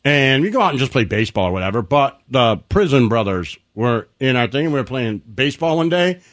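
A man's voice: mid-range voice, very animated, brisk, a bit bright. A man co-hosting a podcast, bantering and telling anecdotes in casual chat. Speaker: podcast co-host.

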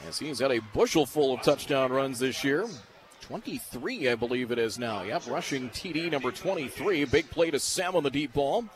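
A man calling a football game as play-by-play announcer on radio, rattling off yard lines quickly and shouting on big plays. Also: medium pitch. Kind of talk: radio sports commentary. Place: stadium broadcast booth. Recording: radio broadcast with steady noise.

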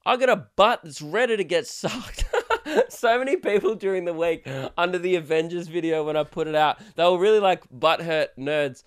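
Young male podcast host, crude and rambling, laughs a lot, raised pitch. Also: normal speed, smooth. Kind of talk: casual solo podcast rant.

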